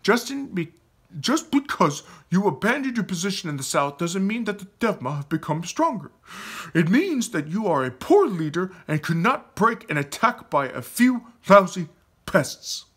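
A man's voice: sits high, very animated, moderate pace, fairly bright tone, slightly rough, pitched above the performer's own voice, heavily acted. A man voicing a stern, proud older male tribal chief who scolds and dismisses his son, in a storybook reading. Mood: scolding.

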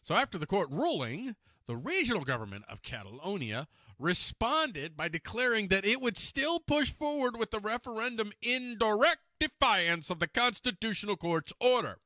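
A man's voice: sits high, very animated, normal speed, bright, forceful tone, no echo, clean studio sound. Wry, sarcastic male commentator. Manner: wry and sarcastic, laughing at his own jabs; stumbles over names and self-corrects. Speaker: political commentator. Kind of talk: casual commentary vlog.

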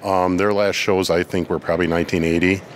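A man in his fifties, a wrestling photographer, recalling old shows in a quick, matter-of-fact way. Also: low-pitched, level tone, slight background noise. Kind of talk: casual interview.

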